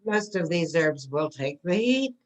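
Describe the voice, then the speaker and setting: A woman's voice: on the low side, lively intonation, measured pace, darkish tone, low-quality recording. A woman teaching an informal gardening class, chatty and answering questions, often checking in with "okay?".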